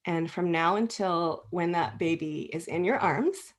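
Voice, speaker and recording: A woman talks through a health topic in a relaxed, conversational way, her sentences full of ums and restarts. She speaks earnestly and directly to the listener, like a practitioner explaining things to patients. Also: on the low side, unhurried. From Canada. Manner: warm, earnest, conversational with many fillers and restarts. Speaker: acupuncturist and clinic co-owner giving a health talk. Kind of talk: informal educational talk. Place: indoors, presenting slides.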